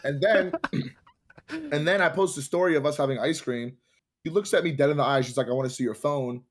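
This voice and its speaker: A young man hosting a podcast, telling a dating story in a casual, animated way and swearing freely. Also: a little high, moderate pace. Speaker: podcast host.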